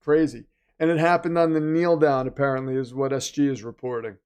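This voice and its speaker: A man's voice: mid-range voice, level tone, fairly quick, darkish tone, clear, resonant tone. A man hosting a casual live-stream watch party, reading the chat and joking sarcastically that he is the villain. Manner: chatty, sarcastic, jokingly self-styled villain.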